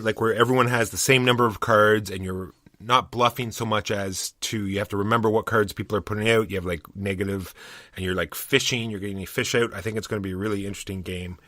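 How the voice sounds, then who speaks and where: Easygoing man with a low, bright voice. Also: no room sound, clean studio sound. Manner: easygoing, joking, loose phrasing. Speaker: podcast co-host. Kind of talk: casual board game podcast chat.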